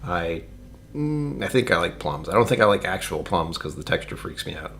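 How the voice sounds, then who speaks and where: Rambling jokey man, low voice. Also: very animated, normal speed, gravelly, a bit bright, a little hiss or hum. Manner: rambling, jokey, reads chat aloud. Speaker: whiskey tasting streamer. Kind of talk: casual live-stream chat.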